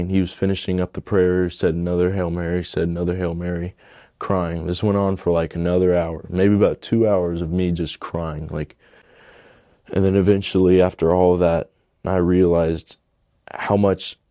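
A young man telling a personal conversion story in a halting, emotional way. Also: low-pitched, warm tone, no echo, studio quality. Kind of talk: personal testimony.

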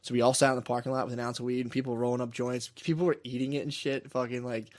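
Young man, quick profane storyteller, laughs a lot, mid pitch. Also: level tone, darkish tone. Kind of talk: casual chat.

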